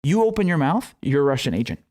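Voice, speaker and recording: A man's voice: fairly high pitch, big pitch swings, quick pace, darkish tone. A young man hosting his own political commentary show, talking casually, sarcastic, swearing freely and laughing often.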